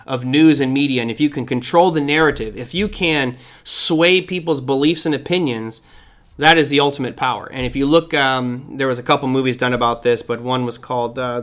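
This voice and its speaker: A man's voice: medium pitch, a little fast, fairly bright tone. A middle-aged man hosting a live trading show, giving casual market commentary, thinking aloud and reading viewer comments.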